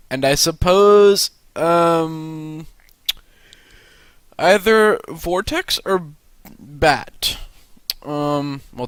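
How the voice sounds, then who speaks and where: A young man with a slight lisp and a stiff, swollen mouth, chatting in a rambling, excitable way as a vlogger. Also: a little high, no room sound. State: stiff swollen mouth after dental surgery. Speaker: vlogger and ride operator. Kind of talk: casual vlog chat.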